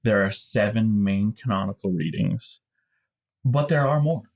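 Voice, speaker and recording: A man's voice: fairly low pitch, measured pace, a little mellow. A man co-hosting a podcast, explaining things at length in casual chat with small restarts. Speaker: podcast co-host.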